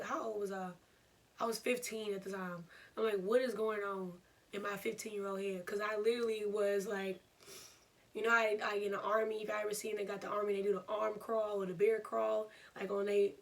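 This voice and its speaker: A young woman, telling a storytime vlog in an animated, laughing way. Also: mid-range voice, a little fast, gravelly, distant mic. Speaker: vlogger.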